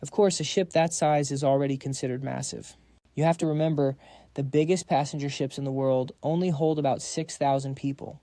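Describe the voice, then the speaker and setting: A man's voice: a little high, steady tone, a little fast, warm tone, no echo. A man narrating a comic recap in a casual, slangy storytelling voice, reading every part himself.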